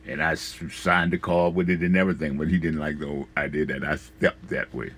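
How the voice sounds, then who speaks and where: A man's voice: very deep voice, steady tone, brisk, fairly bright tone, slight background noise. A man telling a rambling, profane story about past jobs, full of fillers and chuckles. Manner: profane, laughs often, trails off with fillers.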